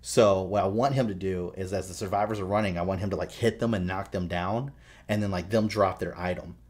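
A man co-hosting a podcast, telling a story in animated, profane casual chat. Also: low-pitched, a little fast. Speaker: podcast co-host.

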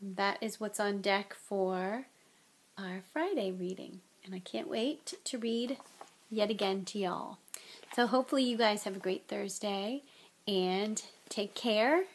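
Woman reading a novel aloud, expressive. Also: mid-range voice, measured pace. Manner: expressive, relaxed, chatty asides. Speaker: audiobook reader.

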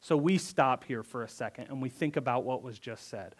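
A pastor preaching a conversational sermon, reading verses aloud and then acting them out with emphatic repetition. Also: male voice, mid-range voice, moderate pace. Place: church.

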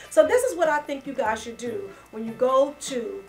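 A woman's voice: high-pitched, animated, normal speed, vocal fry, faint music behind, low-quality recording. A woman hosting a casual talk show, trading teasing jokes with her co-host. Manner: joking, teasing banter. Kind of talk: casual chat.

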